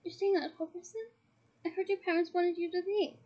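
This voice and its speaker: A woman's voice: very high voice, steady tone, brisk, pitched above the performer's own voice. Friendly teenage schoolboy, read by a woman. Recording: dull lo-fi recording.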